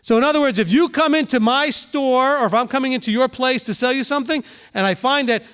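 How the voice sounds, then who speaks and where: Man, middle-aged, high voice, rabbi, conversational sermon, questions to the congregation. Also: fairly bright tone, smooth. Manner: conversational preaching, asks the room questions, voices quick examples.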